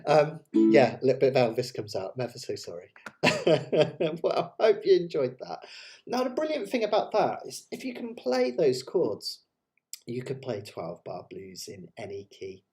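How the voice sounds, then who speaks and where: A man's voice: mid-range voice, sing-song, normal speed. A man hosting an online ukulele jam, chatting and explaining chords step by step. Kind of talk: casual online music lesson. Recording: loud ukulele music behind the voice.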